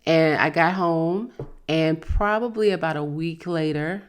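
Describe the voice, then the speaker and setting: A woman's voice: low-pitched, a little slow, smooth. A woman in her fifties, the host, talking candidly and earnestly about handling grief in plain, direct words. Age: 50s. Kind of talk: casual talk to camera.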